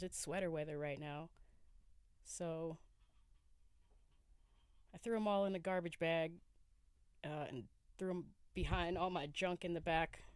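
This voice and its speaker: A woman's voice: fairly low pitch, no room sound. Sleepy, laid-back woman podcaster. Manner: laid-back and giggly, with slang and swearing. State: sleepy, groggy morning voice. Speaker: podcast host. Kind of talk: casual solo podcast chat. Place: inside a camper van.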